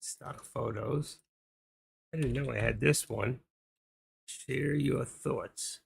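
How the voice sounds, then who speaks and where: A man's voice: medium pitch, takes it slowly, gravelly, breathy edge. A man hosting a trading live stream, rambling casually and muttering his thoughts aloud as he goes.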